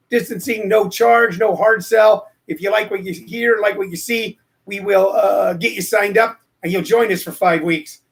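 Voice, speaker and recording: A man's voice: high-pitched, fairly bright tone. A man in his sixties hosting a casual livestream show, a comedian who rambles and jokes between plugs and stories. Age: 60s. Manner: rambling, joking, digressive. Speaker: show host and stand-up comedian.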